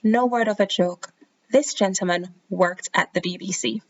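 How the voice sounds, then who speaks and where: A woman's voice: mid-range voice, moderate pace, highs cut off. A woman hosting a podcast, telling her own career story in a reflective way, often restarting her sentences. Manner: reflective, with frequent restarts and quoted inner thoughts. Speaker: podcast host. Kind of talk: personal storytelling monologue.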